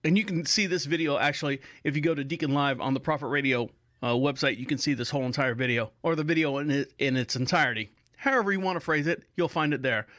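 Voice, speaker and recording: A man's voice: fairly high pitch, fast, fairly bright tone, dry recording, studio quality. A man hosting a podcast in a casual, rambling monologue, repeating himself and chuckling. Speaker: podcast host.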